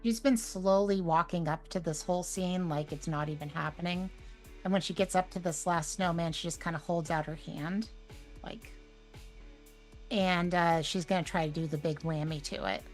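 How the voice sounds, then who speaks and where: Low-voiced casual woman player. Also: fairly even intonation, moderate pace, soft background music, poor audio. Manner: casual, uses "like" often. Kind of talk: casual tabletop play.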